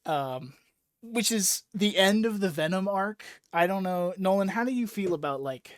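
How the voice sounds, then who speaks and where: A man's voice: high voice, lively intonation, normal speed, no room sound, clean studio sound. A young man hosting a casual podcast chat, rambling with lots of fillers and swearing freely as he recaps a story. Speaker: podcast host.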